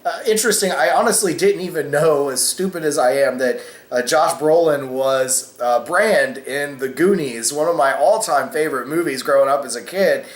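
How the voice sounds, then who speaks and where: A man's voice: fairly high pitch, moderate pace, reverberant. A man hosting a casual opinion vlog, rambling with many fillers and cussing freely. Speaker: vlogger host.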